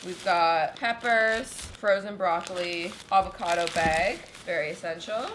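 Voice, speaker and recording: A woman's voice: fairly low pitch, measured pace, fairly bright tone, a little hiss or hum. A woman chatting casually in her vlog at home, upbeat and peppering her talk with "like". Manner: chatty, upbeat, heavy use of "like". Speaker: vlogger.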